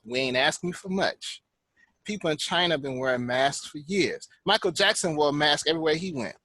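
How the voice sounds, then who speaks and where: A man's voice: a little high, fairly bright tone, no room sound, rough recording. A man talking in a casual group podcast chat, venting with frustration and rising emphasis. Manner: exasperated ranting.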